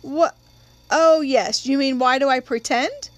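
A woman voicing a middle-aged man who talks to children in a relaxed, confiding, wry way. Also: high-pitched, measured pace, dry recording.

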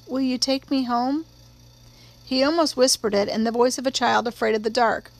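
Gravelly woman reading an audiobook. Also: a little high, poor audio. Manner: measured, calm storytelling. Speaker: audiobook narrator. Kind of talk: scripted narration.

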